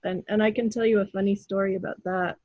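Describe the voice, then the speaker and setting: A woman speaks with a husky, breathy voice, telling stories in a casual and animated way. She acts out her own pleas and the voices of other people as she goes. The sound is dry and a little dull, with no room echo. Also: mid-range voice, fast talker. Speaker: guest, intuitive healer. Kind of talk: casual storytelling in an interview.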